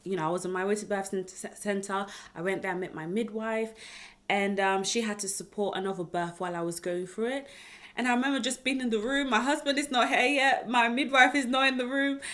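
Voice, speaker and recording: A young British woman recounts her experience to her viewers in a chatty, expressive vlog. She talks directly to her audience at a mid-range pitch for a woman, and she lets her delivery rise and fall with each step of the story. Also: a little fast. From United Kingdom. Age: 20s. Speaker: vlogger.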